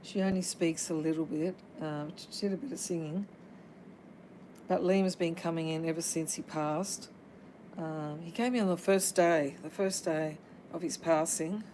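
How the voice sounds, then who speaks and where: A woman's voice: deep voice, steady tone, warm tone, a little hiss or hum, low-quality recording. A woman hosting a paranormal livestream. She chats casually, calls out to spirits, and fills her talk with ums and uhs. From Australia. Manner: halting, full of ums and uhs.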